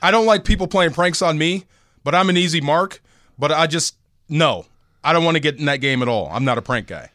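Man, playful co-host, laid-back, lively pitch, dry close sound. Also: brisk, no echo. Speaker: radio co-host, former football player. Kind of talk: casual studio chat. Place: radio studio.

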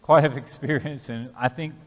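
A man addressing a church congregation in a relaxed, thoughtful way with pauses. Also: medium pitch. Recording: reverberant church hall.

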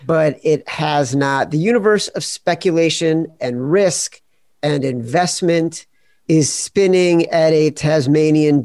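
A man hosting a podcast, excitable and jokey, with his voice leaping up on big moments. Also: fairly high pitch, no echo, clean studio sound. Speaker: podcast host. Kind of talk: podcast hosting and casual banter.

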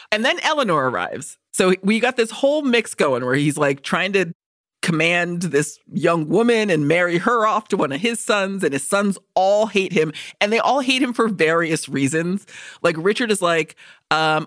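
A woman co-hosting a movie podcast, recapping a film's plot in a profane, animated way and acting out the characters' lines. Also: on the low side, moderate pace, no room sound, studio quality. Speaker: podcast co-host. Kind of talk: casual movie discussion.

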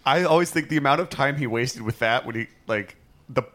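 A man's voice: mid-range voice, a little fast, fairly bright tone. Laid-back man at a podcast draft. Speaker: podcast co-host. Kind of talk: casual chat.

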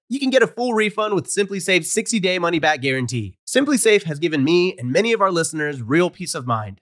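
A man's voice: high-pitched, fairly bright tone, no echo, studio quality. A man hosting a podcast, reading a sponsor ad in a jokey, self-mocking way. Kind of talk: scripted ad read with jokes.

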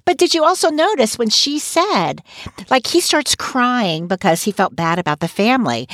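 Lively, opinionated woman podcast co-host. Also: lowish voice, no echo, studio quality. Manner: opinionated, animated, laughs while talking. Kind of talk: casual recap chat.

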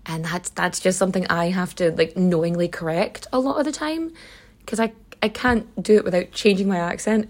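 This Donegal-accented Irish podcast host tells history casually and irreverently, swearing as she chats. Her medium-pitched voice is creaky, husky and somewhat dark.

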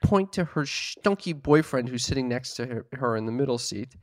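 A man spins an exasperated, swear-filled story in casual podcast chat, slipping into mocking voices for the people he quotes. His mid-pitched voice sits close and dry, with no room sound. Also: animated, normal speed, no echo.

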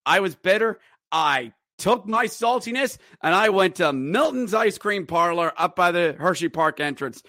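A man's voice: sits high, animated, normal speed, sharp tone, dry recording, studio quality. A man hosting a fan podcast, recapping hockey games in play-by-play style with wry, bitter sports-fan humor. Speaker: podcast host.

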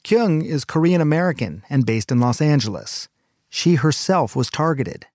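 Calm man hosting a news podcast. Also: fairly high pitch, no echo, studio quality. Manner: calm, measured, earnest delivery. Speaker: medical correspondent and podcast host. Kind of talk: scripted news narration.

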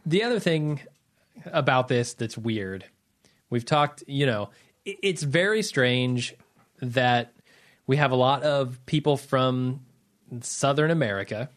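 A man's voice: medium pitch, animated, slow. A man in a casual film chat, easygoing and agreeable, often hesitating.

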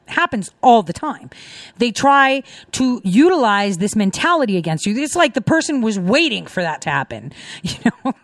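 A woman hosting her own livestream, talking in a rambling, indignant, animated way and laughing now and then. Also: a little high, no room sound, studio quality. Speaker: livestream host. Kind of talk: casual ranting commentary.

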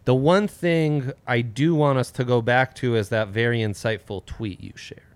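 A man's voice: medium pitch, moderate pace, dry recording. A young man co-hosting a sports betting show, bantering and joking with his co-host. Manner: jokey banter, playful. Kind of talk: casual sports betting chat.

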